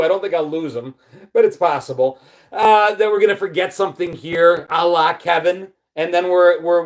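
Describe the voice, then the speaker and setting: An American man in his forties hosting a casual livestream, talking in an anxious, rambling, self-deprecating way. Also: a little high. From United States. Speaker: livestream host. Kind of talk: casual live chat reading viewer comments.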